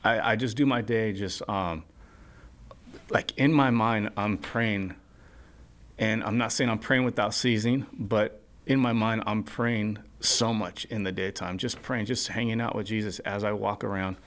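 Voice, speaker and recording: A man who is a podcast guest, speaking earnestly about his faith in a halting way, with lots of fillers and restarts. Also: on the low side, fairly even intonation, fairly bright tone. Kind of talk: casual faith conversation.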